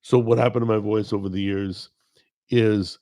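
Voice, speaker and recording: A middle-aged man hosting a cooking show, chatting casually at his desk microphone, with a gravelly, strained voice from a paralyzed vocal cord, rambling and self-deprecating. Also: on the low side, fairly even intonation, normal speed, warm tone. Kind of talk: casual chat to camera. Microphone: desk microphone recorded over a video call.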